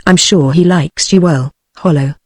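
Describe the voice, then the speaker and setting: A British woman text-to-speech voice reading the part of a kindly, motherly old housekeeper in a flat, unchanged delivery. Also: low voice, measured pace, slightly rough, dry recording, studio quality. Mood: coaxing. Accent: British English. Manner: plain synthetic reading, no change of voice.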